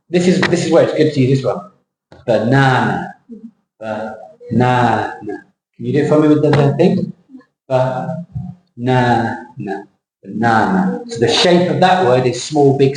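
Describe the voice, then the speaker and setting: A man teaching pronunciation in a classroom, repeating words slowly and syllable by syllable, now and then switching into Thai for his students. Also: fairly high pitch, darkish tone. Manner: drills words slowly, mixes in Thai asides. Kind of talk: accent coaching lesson. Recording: roomy classroom with faint hum.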